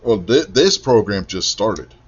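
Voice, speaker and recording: A man's voice: on the low side, expressive, measured pace, noisy background. A man in his forties hosting a podcast in a casual political chat, blunt and opinionated and swearing freely. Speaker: podcast host. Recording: dull lo-fi sound.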